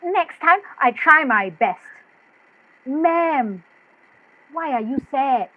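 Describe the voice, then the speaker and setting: A woman's voice: sits high, expressive, drawn-out words, heavily acted. A woman playing a plucky young Indonesian maid who speaks bluntly, in a staged play reading. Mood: earnest. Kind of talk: staged play reading over video call. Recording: dull muffled video-call audio.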